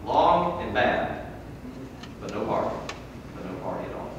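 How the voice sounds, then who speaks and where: A man preaching a sermon in a church, swinging from loud emphatic peaks to low, quiet drops. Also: sing-song, measured pace, lo-fi sound, noisy background. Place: church hall. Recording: echoey hall from far off.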